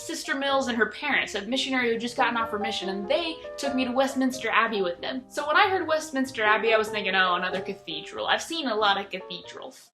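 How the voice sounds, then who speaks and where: A young woman telling travel stories in a chatty, excitable, geeky vlog. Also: on the high side. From United States. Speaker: travel vlogger. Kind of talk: casual storytelling vlog.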